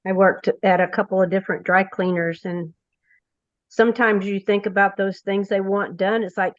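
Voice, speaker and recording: A woman's voice: medium pitch, flat delivery, moderate pace, no room sound. A woman chimes in casually, repeating her phrases. Her voice comes through muffled and lo-fi, dry and close. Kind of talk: casual chat.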